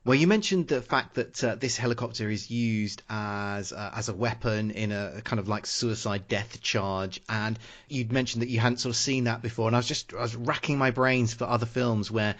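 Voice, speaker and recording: A man of middle pitch hosts a laid-back film-review podcast. He reads his setup cleanly, then pauses and restarts often, dropping in plenty of fillers as he thinks aloud. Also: fairly bright tone. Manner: halting, full of "uh" and restarts when speaking off the cuff. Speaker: podcast host. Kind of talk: casual film-review chat.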